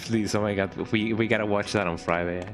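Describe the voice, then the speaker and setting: A man's voice: on the low side, fairly even intonation, brisk, over music. A man giving casual, rambling gameplay commentary while streaming, often tagging his sentences with "eh?" and restarting them. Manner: rambling, frequent "eh?" tag and restarts.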